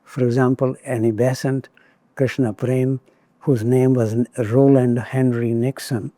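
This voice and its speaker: A man giving a lecture on spiritual traditions, speaking in a measured, deliberate way with occasional wry asides. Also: medium pitch, mellow, no echo.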